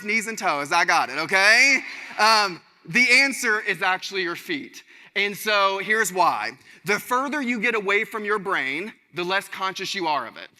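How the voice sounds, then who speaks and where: High-voiced, bright male keynote speaker, animated stage delivery, big hall echo. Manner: animated, addresses audience directly as y'all. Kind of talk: energetic keynote speech. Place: conference stage before an audience. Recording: large hall reverb.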